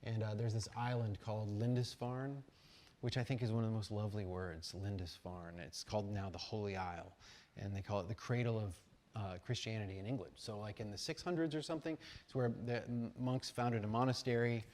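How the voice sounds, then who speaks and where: An American man giving a talk, reading reflective passages and telling rambling, animated anecdotes with fillers and restarts. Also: on the low side, fairly quick, slight background noise. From United States. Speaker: speaker at an arts conference. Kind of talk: talk mixing read essay and casual anecdote.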